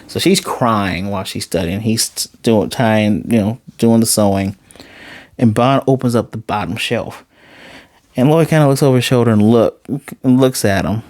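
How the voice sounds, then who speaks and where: Animated male anime reviewer, dry sound. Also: fairly low pitch, normal speed, dry recording. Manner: animated, jumps into quoted character voices. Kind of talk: casual episode recap.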